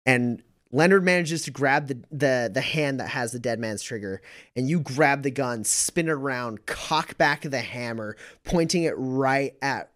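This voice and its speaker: A man narrates a tabletop role-playing session as game master. His delivery is loose and conversational, with frequent fillers and restarts. The pitch sits in an ordinary middle range. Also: a bit bright. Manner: casual, halting narration with fillers.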